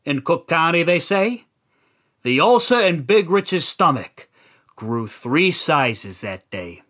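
A man narrating a dark comic rhyming tale with a theatrical delivery. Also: fairly high pitch, big pitch swings, slow pace. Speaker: storyteller.

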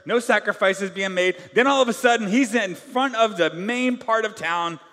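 High-voiced animated male preacher in a hall. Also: moderate pace. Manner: animated, conversational preaching with many fillers. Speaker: pastor. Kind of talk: sermon.

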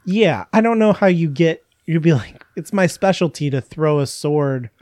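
A man's voice: a little high, expressive, normal speed, darkish tone, no room sound. A man co-hosting a podcast, joking and laughing through casual talk about a book. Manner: joking, laughs often, rambling asides. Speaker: podcast co-host. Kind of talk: casual book-club chat.

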